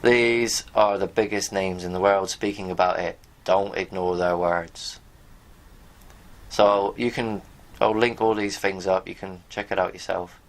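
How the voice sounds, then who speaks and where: Low-pitched and steady, this video host keeps a measured pace as he reads from pages shown on screen. His casual commentary to viewers rambles, stays blunt, and includes the occasional curse.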